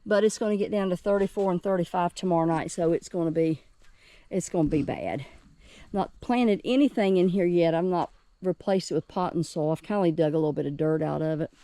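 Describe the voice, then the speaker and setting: Woman, casual garden vlog, outdoors, phone mic, mellow tone, lowish pitch. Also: brisk, no echo. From West Virginia, USA. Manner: chatty, cheerful, keeps addressing viewers. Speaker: gardening vlogger.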